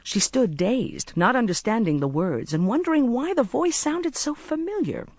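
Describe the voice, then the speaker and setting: An audiobook narrator reading a mystery novel in a measured, expressive storytelling manner, close to the microphone. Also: medium pitch, dry recording.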